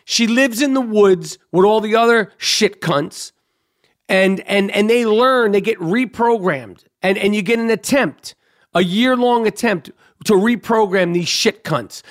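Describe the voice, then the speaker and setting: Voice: mid-range voice, unhurried. A podcast host delivering a profane, angry monologue with frequent stammering restarts and repeated phrases.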